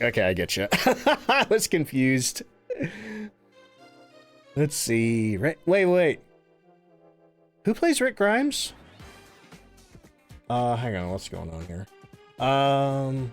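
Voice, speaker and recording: Chatty male streamer, lively pitch. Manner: chatty, reads chat and thanks subscribers, laughs often. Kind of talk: casual live-stream chat. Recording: faint game music behind the voice.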